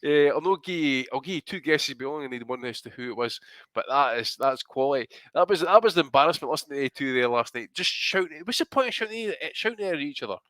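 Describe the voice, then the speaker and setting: A man, co-hosting a podcast in casual banter, swearing a lot and ranting excitedly. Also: on the high side, quick pace, no room sound. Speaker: podcast co-host.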